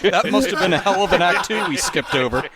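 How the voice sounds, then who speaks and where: A man co-hosting a comedy podcast, tossing out quick wisecracks. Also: high voice, animated, over a noisy crowd. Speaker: podcast co-host. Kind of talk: casual comedy podcast banter.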